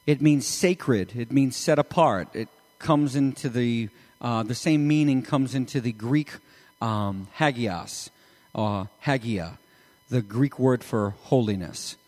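A man preaching a sermon as pastor, animated and emphatic, with sudden rises in his voice. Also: mid-range voice, slow, big-room sound. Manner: animated, rising to emphatic peaks.

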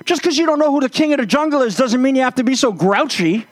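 A man's voice: very high voice, animated, quick pace, no room sound, pitched above the performer's own voice. A man voicing a boastful male lion who demands to be called king of the jungle, in a joke told from the pulpit. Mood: huffy. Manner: loud bossy demands.

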